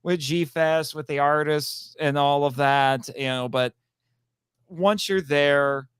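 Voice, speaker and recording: Smooth, dry-voiced tired male host. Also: on the high side, steady tone, slow, fairly bright tone, dry recording. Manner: laughs easily, loose and rambling. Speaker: podcast host. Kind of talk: casual late-night livestream chat. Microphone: video call setup.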